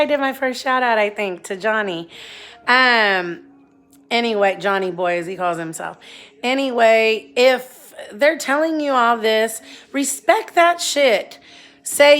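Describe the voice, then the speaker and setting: A woman's voice: a little high, a little slow, a bit bright. Blunt rambling woman in her forties. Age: 40s. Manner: blunt, rambling, swears freely. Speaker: vlogger. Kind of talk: candid personal monologue.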